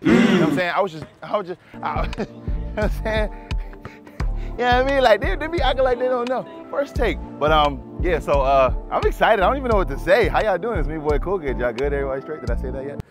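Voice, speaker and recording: A man's voice: sits high, fast, music in the background. Hyped young man vlogging cars. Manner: hyped, slangy, excitable. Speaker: car vlogger. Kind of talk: casual car vlog. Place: outdoors by cars, then inside a car.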